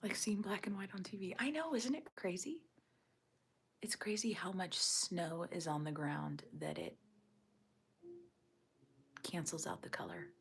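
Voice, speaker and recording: A woman's voice: fairly low pitch, measured pace, pauses often. Chatty woman half-whispering to her stream. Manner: chatty, answers viewer comments, often drops to a whisper. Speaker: livestream host. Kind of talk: casual livestream chat with viewers. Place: at home looking out over a snowy backyard. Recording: steady background noise.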